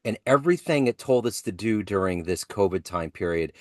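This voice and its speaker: A man hosting an interview podcast, chatting casually and getting animated and laughing as he tells a story. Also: on the low side, fairly quick, no room sound, clean studio sound. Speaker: podcast host.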